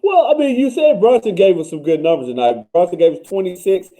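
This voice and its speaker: Man, casual sports chat co-host, mellow tone, very lively pitch, laid-back. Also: fast, poor audio. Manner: laid-back, pushes back calmly.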